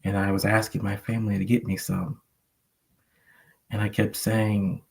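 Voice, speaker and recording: A man's voice: on the low side, level tone, normal speed, vocal fry, long pauses. A man sharing a personal story earnestly on a panel, rambling with many fillers. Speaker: panel guest.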